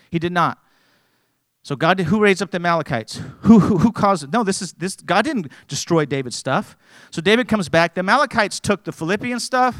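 A pastor preaching a sermon, rising to loud emphatic peaks and dropping low, often restarting his words. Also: dry recording.

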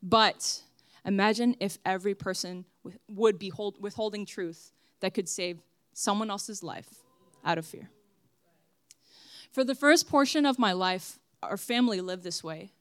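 A woman's voice: mid-range voice, unhurried, clean tone, no room sound. A young woman giving a personal testimony sermon at church, earnest and emphatic as she speaks straight to the congregation.

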